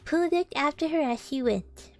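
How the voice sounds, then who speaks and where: A woman's voice: sits high, expressive, normal speed, soft background music. A woman streamer reading a storybook aloud, with chatty, playful asides.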